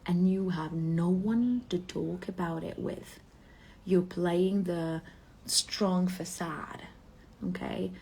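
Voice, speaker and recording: A woman's voice: lowish voice, steady tone, takes it slowly, creaky, dark tone, slight background noise. A woman business coach giving a motivational talk, asking rhetorical questions and checking in with a frequent "okay?".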